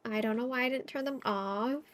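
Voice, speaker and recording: A woman's voice: fairly high pitch, a little fast. A woman streamer chatting casually and giggling while she plays a video game. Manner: giggly, playful. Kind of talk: casual gameplay chat.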